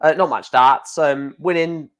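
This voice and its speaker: A high-voiced man giving casual, chatty live reaction commentary. He talks straight to his viewers and bursts into excitement over big moments. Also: a little slow. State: hiccuping. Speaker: live stream host reacting to darts.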